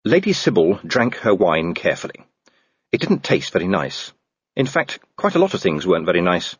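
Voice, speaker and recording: A man reading fantasy fiction aloud as an audiobook narrator, wry and measured, on a slightly dull, dry recording. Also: deep voice, huge pitch swings, husky, no echo.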